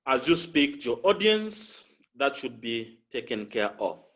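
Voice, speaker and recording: A man coaching public speakers, slow and deliberate, repeating key phrases and showing inflection with his voice. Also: mid-range voice, very animated, fairly bright tone, lo-fi sound. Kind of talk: instructional talk with spoken examples.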